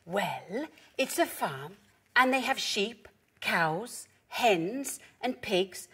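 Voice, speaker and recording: A woman's voice: mid-range voice, expressive, very slow, a bit bright, breathy edge, full character voice. A woman voicing a cheerful, knowledgeable female dog who explains things to her friend. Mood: explaining. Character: eager bossy female dog, knows everything.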